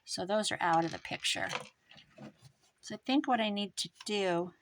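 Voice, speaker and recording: A woman with a mid-range voice chats on and on as she crafts, thinking out loud and wandering between topics. Her voice sometimes sinks into quiet mumbles as she concentrates. A faint hiss sits under the recording. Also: mid-range voice, moderate pace. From American Midwest. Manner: rambling, thinks aloud while working, drifts quieter. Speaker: craft vlogger. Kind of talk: chatty crafting monologue.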